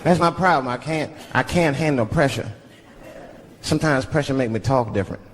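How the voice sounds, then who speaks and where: A man's voice: medium pitch, fairly quick, a little hiss or hum. A man from Washington, D.C. doing stand-up comedy, telling stories with many put-on voices, recorded live at a show. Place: comedy stage before a large audience. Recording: live show with loud crowd laughter.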